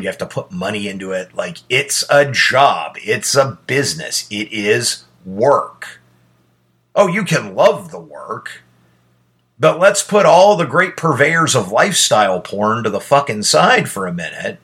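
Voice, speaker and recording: A man's voice: mid-range voice, very animated, moderate pace, fairly bright tone, slightly rough. A man in his forties hosting a podcast, talking in a blunt, profane, conversational way. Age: 40s. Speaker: podcast host. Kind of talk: casual monologue.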